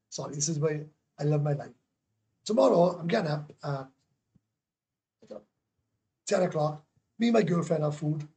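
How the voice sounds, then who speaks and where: A Welsh man chats casually to his livestream viewers, blunt and cheerful, swearing without a second thought. His voice sits a little high for a man and has a husky edge. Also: warm tone. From Wales. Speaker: livestream host. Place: home in Thailand.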